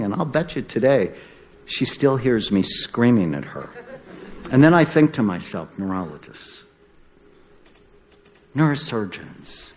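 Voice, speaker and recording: A middle-aged man, a doctor, giving a storytelling talk and acting out the voices of the people in it. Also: lowish voice. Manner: animated, acts out the voices in his stories. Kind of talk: storytelling lecture.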